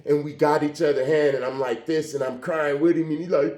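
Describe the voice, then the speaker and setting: A man telling a personal story in a casual, animated way, often acting out the dialogue. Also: fairly high pitch, moderate pace, few pauses. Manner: animated, conversational, acts out quoted dialogue. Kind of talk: emotional storytelling monologue. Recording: roomy echo.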